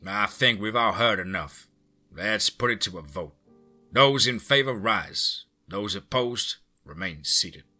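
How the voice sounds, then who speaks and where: A man voicing a gruff small-town male leader who gives slow, firm commands. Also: on the low side, expressive, bright, forceful tone, faint music behind, full character voice. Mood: stern.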